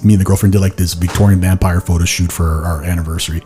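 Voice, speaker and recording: A man hosting a podcast tells long, rambling stories in casual chat, leaning on "like" and breaking into goofy put-on voices. His voice sits on the low side, with a mellow, dark tone. Faint music plays underneath. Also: steady tone, quick pace. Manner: rambling storyteller, heavy use of "like", slips into silly voices. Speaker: podcast host.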